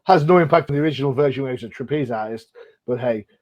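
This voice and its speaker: A man's voice: medium pitch, fast, a little mellow, muffled recording. Chatty man hosting a podcast. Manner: chatty, rambling, with frequent fillers and restarts. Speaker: podcast host. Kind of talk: casual comic-book podcast chat.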